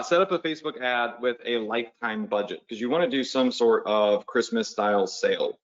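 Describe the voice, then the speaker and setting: This lo-fi clip features a man with a mid-range voice. He hosts a live webinar as an online business coach, keeping things casual yet pushy and motivational while regularly checking in with viewers.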